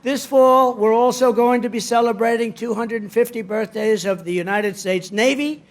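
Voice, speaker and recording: A man's voice: very high voice, normal speed. A man giving a rally speech in a rambling, boastful, digressive way. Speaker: politician addressing a rally.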